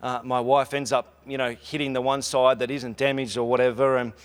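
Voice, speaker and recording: A man preaching a conversational sermon, telling stories in a relaxed way with frequent restarts, and slowing down to stress key lines. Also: mid-range voice, smooth. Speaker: pastor.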